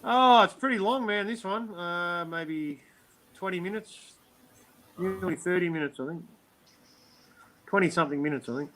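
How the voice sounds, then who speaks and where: A man's voice: high-pitched, normal speed, pauses often, fairly bright tone, slight background noise. A man with a Maori New Zealand accent, chatting casually on a call as co-host and calling people "mate". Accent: Maori New Zealand English. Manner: laid-back, says "mate" a lot. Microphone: call audio.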